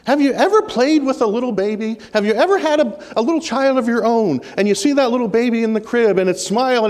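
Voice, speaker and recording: A man's voice: very high voice, lively intonation, fairly quick, a little mellow. A man preaching a sermon in a church, earnest and repeating key phrases for emphasis. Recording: reverberant hall.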